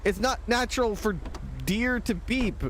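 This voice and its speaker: A man chatting in character during a game role-play, excitable and full of startled exclamations. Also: very high-pitched, a little slow, crowd noise.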